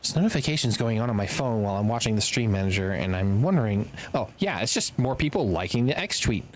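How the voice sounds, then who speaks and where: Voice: medium pitch, big pitch swings, fast talker. A live streamer talking through a game in casual commentary, rambling to themselves and breaking into sudden exasperated outbursts. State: throat slightly tickled.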